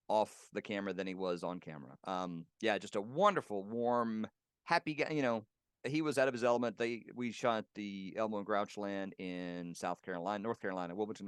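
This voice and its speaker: Low, smooth-voiced man telling stories. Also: no echo, studio quality. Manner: warm, reminiscing, laughs while telling anecdotes. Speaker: guest puppeteer. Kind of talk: casual interview storytelling. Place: home.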